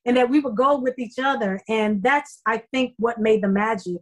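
A middle-aged actress answers interview questions with a rather high voice. She tells her story effusively and with feeling, breaking into animated quoted asides. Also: moderate pace, low-quality recording. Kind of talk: conversational interview.

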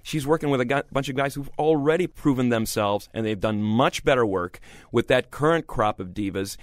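A man's voice: mid-range voice, no room sound. Man, radio music critic, opinionated, emphatic, dry sound, mid-range voice. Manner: opinionated, emphatic, quick restarts. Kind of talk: casual radio review chat.

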